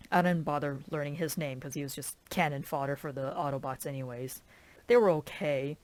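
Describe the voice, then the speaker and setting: A film reviewer ranting casually, filling every sentence with "like" and sounding fed up with the movie's choices. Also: mid-range voice. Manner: rambling, heavy use of "like"; exasperated, complaining.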